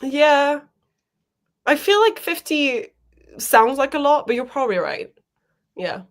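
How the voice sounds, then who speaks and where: Here's another young adult woman co-hosting the writing sprint stream, talking loosely, reading out comments from viewers, and laughing often. She speaks slowly in a high-pitched voice with big swings in pitch.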